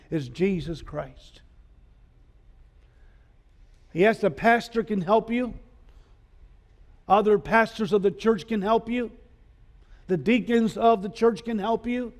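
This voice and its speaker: High-voiced preaching man, many fillers. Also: darkish tone. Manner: earnest preaching with frequent "uh" fillers. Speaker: pastor. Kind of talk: sermon. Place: school chapel.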